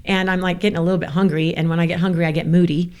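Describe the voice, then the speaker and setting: A woman from the American South, a guest telling a story in casual chat, animated and laughing often. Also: fairly low pitch, rapid-fire, smooth.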